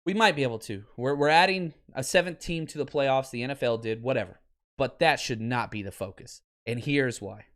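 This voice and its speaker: A man hosting a sports podcast, ranting in an animated, exasperated way at a close desk mic, going from near-shouting to low muttering. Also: a little fast. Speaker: podcast host. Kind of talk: sports talk rant.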